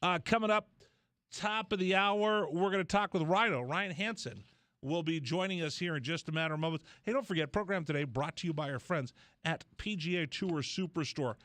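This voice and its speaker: A man hosting a radio show, telling a rambling story in a casual, animated way. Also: a little high, brisk, no room sound, clean studio sound. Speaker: radio host. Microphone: studio mic.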